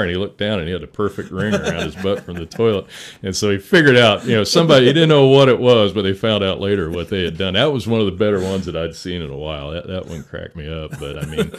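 A middle-aged man with a very deep, low-pitched voice talks casually as a veteran firefighter. He spins folksy stories, laughing along and acting out what others said. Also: fast. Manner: folksy, laughs through stories, acts out quotes. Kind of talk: casual storytelling interview.

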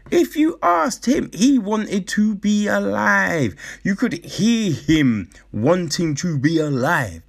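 Animated, profane man ranting. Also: high voice, slow, gravelly. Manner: profane, incredulous, exasperated. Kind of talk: casual ranting commentary.

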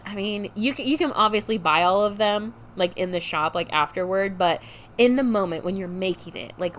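A woman's voice: fairly low pitch, slight background noise. A young woman hosting her own show, chatting casually, giggly and emotional, tired and a bit hyper. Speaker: podcast host. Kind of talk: casual solo chat.

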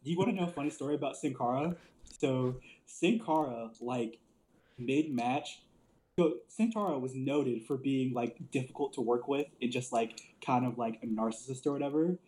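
A man's voice: mid-range voice, normal speed, dark tone, slight background noise, low-quality recording. A man telling wrestling stories in casual chat, loose and profane, laughing often and filling with "like". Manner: loose storyteller, swears a lot, laughs often, many "like" fillers. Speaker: podcast co-host.

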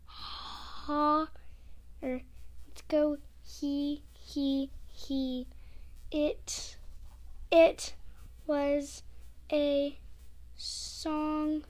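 A woman's voice: sits high, little pitch movement. A young woman vlogging casually, reading her text messages aloud and sometimes dropping to a whisper. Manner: reads texts aloud slowly, giggly, drops to whispers. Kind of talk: casual narration while texting.

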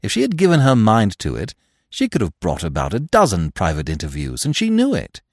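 A man narrating a classic novel in a lively, expressive storytelling manner. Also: lowish voice, brisk, no room sound, clean studio sound.

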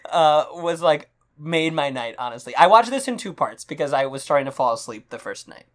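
A young woman co-hosting a podcast, chatting casually about movies with lots of fillers and frequent laughter. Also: low-pitched. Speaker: podcast co-host.

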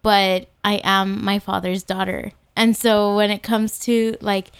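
A woman's voice: mid-range voice, smooth, dry recording. A young adult woman co-hosting a church podcast, chatting casually and reacting expressively. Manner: expressive, quick to react, playful. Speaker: podcast co-host. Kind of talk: casual chat.

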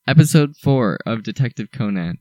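Rambling, jokey young Canadian co-host. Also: male voice, mid-range voice, animated, normal speed, darkish tone, no echo, highs cut off. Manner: rambling, jokey, laughs often. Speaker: podcast co-host. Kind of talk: casual chat.

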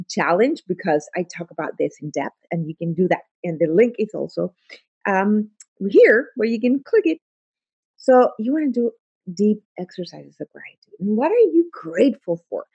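Female life coach, emphatic and repetitive, husky, mid-pitched voice. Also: warm tone, no echo, highs cut off. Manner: emphatic, repeats lines of affirmation. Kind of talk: motivational talk.

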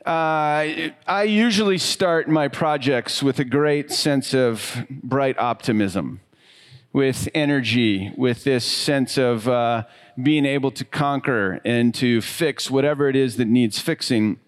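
A middle-aged man giving a sermon in a relaxed, conversational way, telling stories about himself and letting his voice drop softly at the ends of thoughts. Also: mid-range voice. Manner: conversational, self-deprecating storytelling with soft, trailing pauses. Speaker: pastor.

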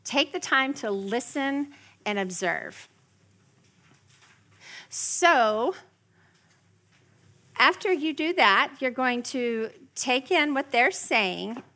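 Woman in her forties, workshop speaker, bright and a bit high, animated teaching style. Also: very slow, pauses often. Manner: animated, acts out kids' whiny voices. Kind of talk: live parenting workshop talk. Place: workshop room with a live audience.

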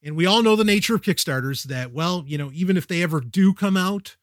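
Male podcast host, middle-aged, high-pitched, quick-witted, rambling, self-interrupting, close mic. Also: dry recording. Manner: energetic, wisecracking, self-interrupting. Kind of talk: casual tech podcast monologue.

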